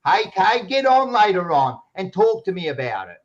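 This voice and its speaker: High-voiced aussie bloke arguing hard, mate every line, dull lo-fi sound. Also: male voice, very animated, normal speed. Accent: Australian. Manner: blunt, combative, says mate constantly. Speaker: podcast panelist. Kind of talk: heated casual debate.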